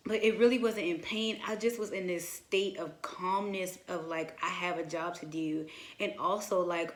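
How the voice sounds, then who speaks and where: A young woman casually telling a personal story, acting out her own past words with lively asides. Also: lowish voice, normal speed. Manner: animated, quotes herself in lively asides. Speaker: vlogger. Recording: roomy echo.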